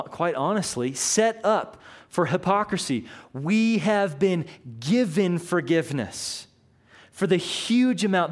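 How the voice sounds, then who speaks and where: A man preaching a sermon, telling a parable in an earnest, storytelling way with frequent restarts. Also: sits high. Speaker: pastor.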